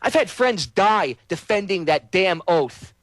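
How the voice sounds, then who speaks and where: A man's voice: high voice, lively intonation, a little slow, no room sound. A man hosting a show, delivering an angry, profane political rant. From United States. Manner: angry, shouting, profane and preachy. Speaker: host.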